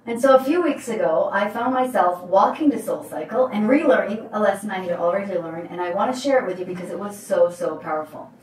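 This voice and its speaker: Brief: expressive woman motivational coach, story-driven delivery, recorded from a distance in a roomy space. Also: medium pitch, a little fast, hardly any pauses, a little hiss or hum. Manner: emphatic, animated storyteller. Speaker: life coach.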